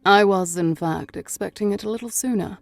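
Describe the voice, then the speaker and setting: A woman voicing a mysterious, elegant, gaunt man in his forties or fifties who speaks with a purring British accent and calm courtesy. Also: mid-range voice, brisk, vocal fry, no echo, lightly acted.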